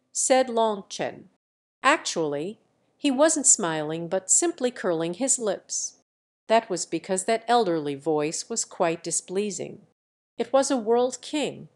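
Steady woman narrating a novel. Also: mid-range voice. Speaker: audiobook narrator. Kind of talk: scripted narration of a translated web novel.

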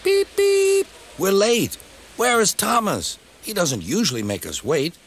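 A man puts on a fussy, impatient steam engine in a children's storybook. The voice sits well above his own and sounds brisk and bossy. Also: sits high, wildly swooping pitch, fairly bright tone, breathy edge, pitched above the performer's own voice, exaggerated voice.

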